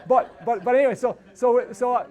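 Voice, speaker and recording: High-voiced fast-talking man telling stories. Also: dark tone. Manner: rambling, many restarts and tag questions. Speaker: podcast host. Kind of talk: casual storytelling.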